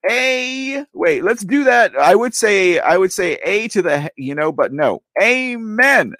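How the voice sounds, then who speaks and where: The studio-quality recording is dry, capturing a high, animated male voice that speaks slowly yet with hardly any pauses. He's hosting a political commentary show live and casually, playful and rambling, self-correcting, with "ladies and gentlemen" coming up constantly.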